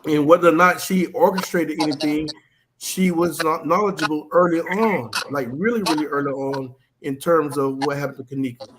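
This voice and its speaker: A man joining a live-stream discussion as a guest, speaking haltingly with frequent restarts. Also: fairly high pitch, fairly even intonation, background noise. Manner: halting, restarts his words often.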